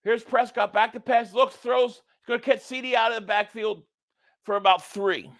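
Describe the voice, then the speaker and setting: Stream host, male, sharp bright tone, dead dry mic, fan energy reading super chats. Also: very high voice, normal speed, no room sound. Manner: reads viewer super chats, shouts at plays. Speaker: live stream host reacting to football. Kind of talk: live stream reaction and chat reading.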